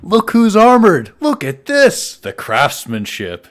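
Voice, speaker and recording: A man's voice: medium pitch, animated, takes it slowly, darkish tone. A man voicing a jovial, boisterous male ship captain in a tabletop game, with a hearty, carrying manner. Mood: exuberant.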